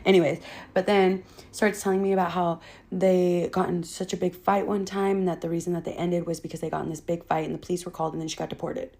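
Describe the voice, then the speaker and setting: Young woman, casual storyteller, blunt and exasperated, a little low-pitched, curses freely. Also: level tone, quick pace, gravelly, warm tone.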